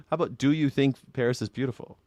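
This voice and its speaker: A man's voice: mid-range voice, fast talker, darkish tone, dry recording. A man hosting a casual live talk stream, ranting and mocking how people phrase their questions. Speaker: talk show host. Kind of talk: casual livestream chat.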